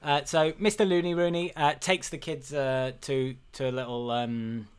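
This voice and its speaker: A man's voice: medium pitch, fairly even intonation, moderate pace, clear, resonant tone. Hesitant man chatting about a film. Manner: hesitant, full of ums and uhs. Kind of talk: casual film discussion.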